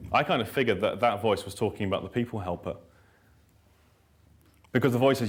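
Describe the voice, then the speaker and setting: A man's voice: fairly low pitch, fairly quick, long pauses. Blunt, emphatic male workshop trainer. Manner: emphatic and blunt, repeats lines for effect; wry storytelling with dry self-mockery. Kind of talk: live workshop lecture to trainees.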